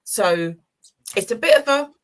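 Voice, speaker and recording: On the high side, with lively intonation and a measured pace, this woman co-hosts a community chat show in her sixties. The talk is casual, and she recounts personal stories warmly and emotionally, with laughs.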